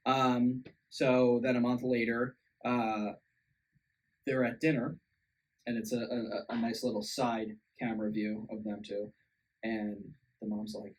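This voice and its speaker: A man's voice: mid-range voice, flat delivery, unhurried, far from the mic, rough recording. A man co-hosting a casual movie review podcast, recapping scenes and mocking the characters in exaggerated voices. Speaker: podcast co-host. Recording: faint background noise.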